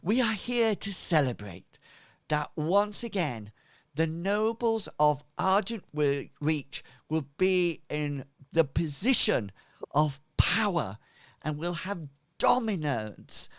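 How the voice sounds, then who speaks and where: A man's voice: fairly high pitch, big pitch swings, slow pace, fairly bright tone, no echo, pitched above the performer's own voice, heavily acted. A pompous hooded cult leader, voiced by a man, declaims to his followers in a raised, grand tone. The sound is close and dry. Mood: grandiose.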